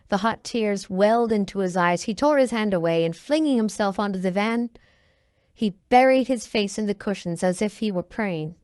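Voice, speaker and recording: A woman reads a classic novel aloud in a measured, even way. Her pitch sits in the middle, and the sound is dry and close to the microphone. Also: no room sound. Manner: measured storytelling. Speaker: audiobook narrator. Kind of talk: scripted narration.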